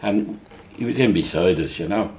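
A man's voice: deep voice, moderate pace, a little mellow. An older man telling laughing anecdotes in a casual chat. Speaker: guest telling stories.

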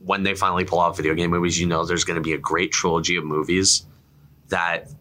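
Male podcast host, very low voice with a bright edge, loose and animated. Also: fast talker. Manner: rambling, animated, lots of fillers. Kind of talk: casual chat about movies and games.

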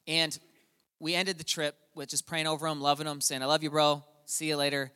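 Preacher, male, middle-aged, bright and fairly high voice, storytelling sermon with long hall reverb. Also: little pitch movement, brisk, smooth. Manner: storytelling, swings from quiet to shouting. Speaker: pastor. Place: church hall.

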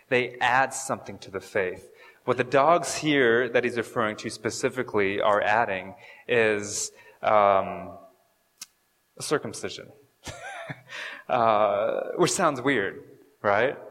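A man's voice: mid-range voice, lively intonation, moderate pace, fairly bright tone. A man giving a casual, conversational sermon, joking and stumbling over fillers and restarts as he explains scripture. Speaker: pastor. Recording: long hall reverb.

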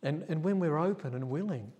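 A man's voice: on the high side, animated, fairly quick, warm tone, breathy edge. A male pastor, telling a story in a sermon and acting out the quotes in a chatty way. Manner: chatty, acts out quotes, laughs at himself. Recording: long church reverb.

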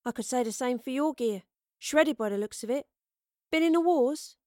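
A woman's voice: a little high, normal speed, no echo, pitched above the performer's own voice, close to an everyday voice. A woman voicing a tired, blunt young woman traveler who speaks in short, grumpy remarks, in a dry close recording. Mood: weary, blunt. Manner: blunt, clipped, weary.

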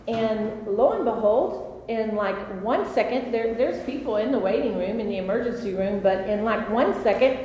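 Chatty woman teaching in an echoey hall. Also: on the high side. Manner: animated storyteller, chatty with many fillers. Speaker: Bible study teacher. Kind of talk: conversational Bible study teaching. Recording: echoey hall with long reverb, faint noise.

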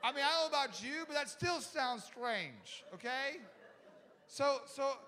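A pastor tells a funny story from the pulpit, his high male voice bright and sharp. He talks in a chatty, animated way, full of restarts, and acts out the people in his tale. A long reverb from a large hall trails after his words. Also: unhurried. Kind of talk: humorous sermon storytelling.

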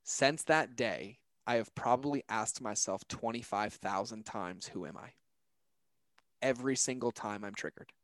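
A man's voice: on the low side, moderate pace, few pauses, a bit bright, no room sound. Earnest man telling a personal story. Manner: earnest, emphatic storytelling with acted-out quotes. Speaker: guest. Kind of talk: personal story in a podcast conversation.

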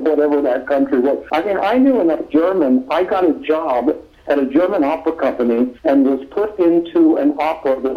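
An older man from Oklahoma, a singer and actor, telling animated stories in an interview and laughing often. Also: fairly high pitch. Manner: animated anecdotes with frequent laughter. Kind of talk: storytelling interview talk. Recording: lo-fi radio sound.

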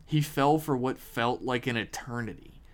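A man hosting a podcast, reading a horror story aloud with measured, dramatic pauses. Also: mid-range voice.

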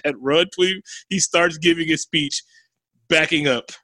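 A man's voice: a little high, normal speed, no echo. A man in casual chat, animatedly retelling a film scene, acting out the characters' lines and laughing often. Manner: animated storyteller, acts out quotes, swears, laughs often.

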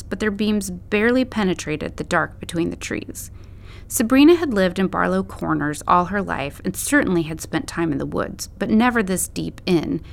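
A woman narrating a story as an audiobook in a steady, measured way. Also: fairly low pitch, vocal fry.

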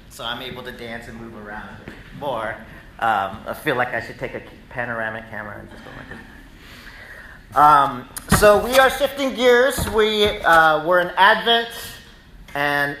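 A man preaching a sermon in a relaxed, conversational way, telling animated stories to the congregation. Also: a little high, a little slow, roomy sound, a little hiss or hum, rough recording. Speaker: pastor. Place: church sanctuary.

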